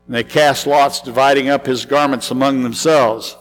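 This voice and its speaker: A man preaching a sermon and reading scripture aloud, earnest, slowing and softening on the solemn lines. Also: medium pitch, in a large hall, faint music behind, poor audio. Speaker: pastor.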